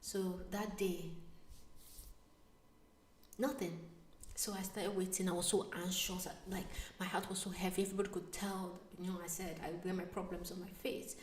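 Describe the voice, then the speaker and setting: A young adult woman whose first language is not English tells a story, slipping between hushed whispers and sudden excited bursts. Her voice sits a little low for a woman. She sounds set back from the mic in a roomy, echoing space. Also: normal speed, a little hiss or hum. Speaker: vlogger. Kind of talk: casual storytelling vlog. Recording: echoey room, slightly distant mic.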